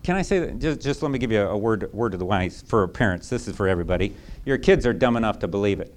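A man's voice: on the low side, fast talker. A male pastor preaching a sermon in a conversational, emphatic way, often checking in with rhetorical asides.

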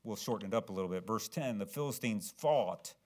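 In an expressive, brisk sermon, a male preacher alternates between quiet, earnest tones and loud, theatrical, acted-out shouting.

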